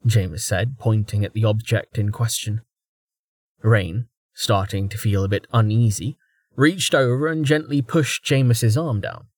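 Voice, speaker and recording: A man narrating a fantasy novel in a measured, even storytelling manner. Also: on the low side, no echo, clean studio sound. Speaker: audiobook narrator.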